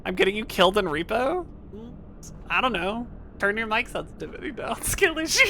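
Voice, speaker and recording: A young woman streaming a game, chatting casually with animated, profane remarks and frequent laughter. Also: medium pitch, brisk, a little hiss or hum. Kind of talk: casual live-stream chat while gaming.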